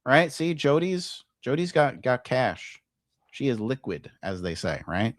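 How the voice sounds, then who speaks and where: A man's voice: mid-range voice, big pitch swings, unhurried, no echo. A man hosting a livestream commentary show, ranting profanely and combatively at viewers in his chat.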